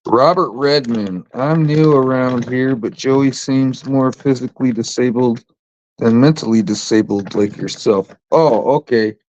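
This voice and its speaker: A man's voice: mid-range voice, measured pace, darkish tone. A man hosting a casual livestream, rambling and swearing, teasing his chat in a lazy sing-song. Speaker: livestream host. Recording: dull lo-fi stream audio.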